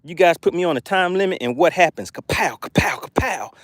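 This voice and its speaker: A man on a live fishing stream, talking to his chat in a lively, fairly high voice that swings all over as he hypes up his catch. He sounds out of breath and keeps repeating his catchphrases. The sound is dry and close. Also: fairly quick, no echo. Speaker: fishing channel host. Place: outdoors by the water.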